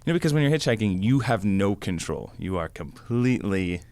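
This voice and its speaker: Brief: male podcast guest, deep voice, rambling anecdotal storyteller. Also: lively intonation, brisk, darkish tone, dry recording. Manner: rambling, lots of fillers and acted quotes. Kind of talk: casual storytelling.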